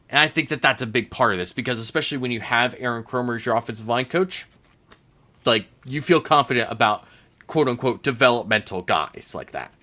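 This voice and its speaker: A man with a bright, forceful voice hosts a relaxed sports podcast. He rambles through his thoughts in a chatty way and laughs easily. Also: mid-range voice. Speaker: podcast host. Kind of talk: casual sports chat.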